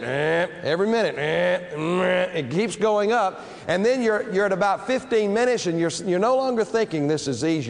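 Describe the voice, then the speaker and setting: Man preaching a sermon, kinda high voice, slow dramatic emphasis, big echoey church hall. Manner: dramatic pulpit delivery with slow, emphatic phrases. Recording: long reverb of a large hall.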